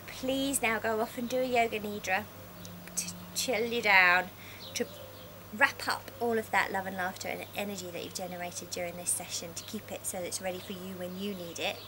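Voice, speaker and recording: A woman's voice: mid-range voice, steady tone, normal speed, background noise. A woman leading a laughter yoga session, playful and encouraging, laughing often between her cues. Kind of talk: guided laughter exercise session.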